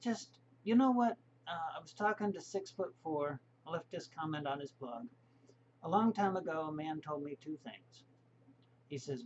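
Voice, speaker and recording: A man's voice: fairly high pitch, lively intonation, moderate pace, muffled recording, a little hiss or hum. A middle-aged man talking in a rambling, folksy, opinionated way, vlogging from his home. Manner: chatty, opinionated, folksy asides. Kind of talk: casual rambling monologue.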